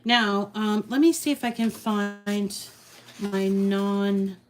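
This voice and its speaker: A middle-aged woman leads a relaxed crafting lesson at an unhurried pace. She chats and rambles as she works, now and then teasing herself about her clutter. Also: medium pitch. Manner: chatty, rambling, self-deprecating. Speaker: craft channel host. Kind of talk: casual crafting tutorial with live chat.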